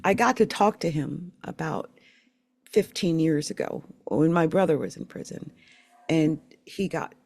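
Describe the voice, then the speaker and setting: A middle-aged woman from the Philadelphia area telling her life story in a candid, emotional, rambling way, with halting restarts. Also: sits low, vocal fry, darkish tone, no room sound. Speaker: channel host sharing her life story. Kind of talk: personal storytelling monologue.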